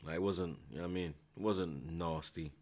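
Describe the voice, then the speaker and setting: A man with a London accent hosting a football watchalong, slangy and teasing, flaring up excitedly at the action from home. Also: low-pitched, brisk. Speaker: host. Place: at home indoors.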